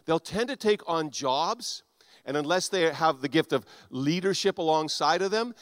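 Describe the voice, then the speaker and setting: A male preacher delivers a sermon with a slightly high voice, recorded close and dry. He is animated, swinging between loud, punchy lines and quiet asides, and acts out the voices he quotes. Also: no room sound. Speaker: pastor.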